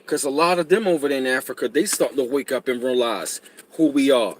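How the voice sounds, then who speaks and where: A man's voice: medium pitch, fairly quick. A man co-hosting a casual podcast, mostly backing his partner with short affirmations and adding brief points. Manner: agreeing backchannels, brief affirming interjections. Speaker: podcast co-host. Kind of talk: casual conversational commentary.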